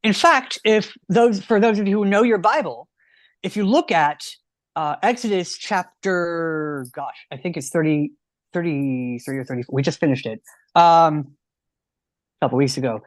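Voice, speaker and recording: A rabbi in his thirties explains his points earnestly in relaxed conversation, often restarting his sentences. His voice is recorded dry and close, with no room echo. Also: a little high, moderate pace. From United States. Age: 30s. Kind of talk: teaching in a casual chat.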